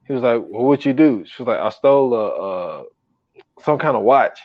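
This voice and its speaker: A man's voice: medium pitch, lively intonation, moderate pace, no echo, dull audio. A man co-hosting a casual movie podcast, talking in slang, laughing often and acting out scenes in quoted voices. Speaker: podcast co-host. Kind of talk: casual chat.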